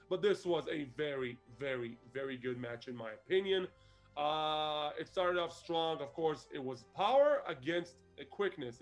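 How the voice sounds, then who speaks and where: A man with a high voice co-hosts a casual review podcast. He recounts events in an animated way and laughs often, with faint music playing behind him. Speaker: podcast co-host. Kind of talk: casual chat reviewing a wrestling show.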